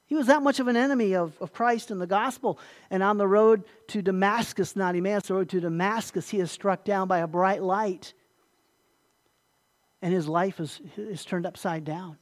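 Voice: medium pitch, moderate pace. Pastor, sermon delivery; emphatic, repetitive, asks the listeners questions.

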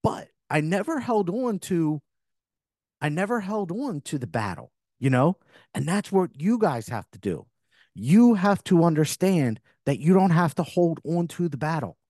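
A man's voice: on the high side, big pitch swings, unhurried, dark tone, no echo, clean studio sound. A middle-aged man hosting a spiritual podcast, talking earnestly in a rambling way full of restarts and self-corrections. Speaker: podcast host.

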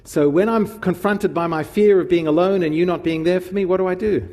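A man's voice: high voice, fairly even intonation, fairly quick, hardly any pauses, darkish tone. A man preaching a sermon in a casual, conversational way. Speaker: pastor. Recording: long hall reverb.

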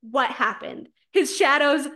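Animated laughing woman podcast host. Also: high voice, slow. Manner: animated, acts out characters' lines, swears and laughs often. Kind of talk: casual book chat.

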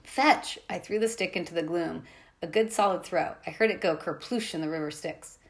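A woman reads a novel aloud in a plain, unpolished way and sometimes stumbles and restarts a word. Her voice is fairly low with a gravelly creak running through it. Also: brisk. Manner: plain reading with small slips and restarts. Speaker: reader.

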